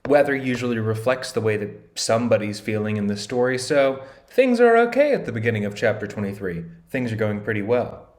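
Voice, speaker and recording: A man's voice: medium pitch, expressive, a little fast. Man explaining a classic novel conversationally, slangy paraphrase, roomy echo on the voice. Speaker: literature explainer. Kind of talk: casual chapter summary with read-aloud quotes. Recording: echoey room.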